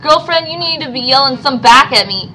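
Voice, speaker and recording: A woman voicing a screaming, hysterical young bride in a read-aloud novel, shrill and shouting. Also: animated, brisk, slight background noise, poor audio.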